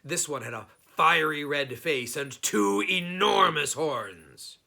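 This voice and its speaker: Unhurried man reading a storybook aloud. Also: a little high, animated, vocal fry, sharp tone.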